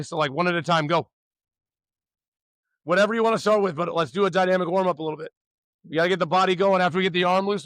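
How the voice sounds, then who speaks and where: Upbeat man coaching a youth warm-up. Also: fairly high pitch, no room sound, clean studio sound. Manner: loud, upbeat, teasing. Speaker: pitching coach.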